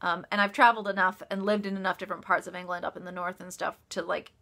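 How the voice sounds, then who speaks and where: Woman author, casual live-stream Q&A, bright tone, bubbly with lots of laughs and ums. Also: lowish voice, flat delivery, fast talker, gravelly. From United States. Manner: chatty, laughs often, many ums and restarts. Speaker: author answering live chat questions. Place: office.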